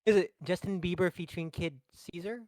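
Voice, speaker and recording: A man co-hosting a casual movie podcast, animated and jokey as he tells comic bits. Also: high-pitched, fairly quick, dry recording. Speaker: podcast co-host. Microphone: lavalier microphone.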